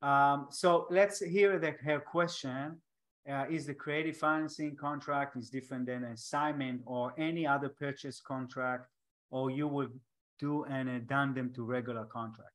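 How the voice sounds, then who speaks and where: A man with an Israeli accent, a native Hebrew speaker, hosting a casual interview over a video call, speaking haltingly with frequent restarts and non-native grammar. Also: mid-range voice, fairly even intonation, a bit bright. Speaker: podcast host.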